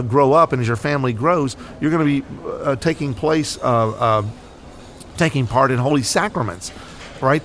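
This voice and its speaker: A US man co-hosts a casual Catholic podcast, his voice on the high side with a bit of hiss or hum in the audio. He explains things earnestly in a relaxed faith discussion, using many fillers and repeatedly asking "right?"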